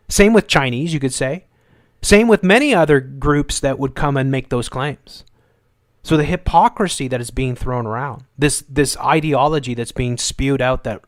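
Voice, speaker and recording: A man's voice: mid-range voice, normal speed, no room sound, studio quality. A man hosting a live show, ranting in a heated, argumentative way and swearing as he repeats his points. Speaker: host of a live commentary show. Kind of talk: heated political rant.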